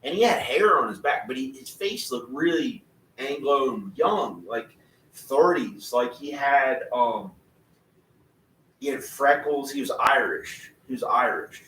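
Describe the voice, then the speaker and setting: A man's voice: mid-range voice, animated, measured pace, pushed and bright. A man talking in a rambling, casual way, full of restarts and laughing to himself. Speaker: vlogger. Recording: echoey room, far from the mic, faint noise.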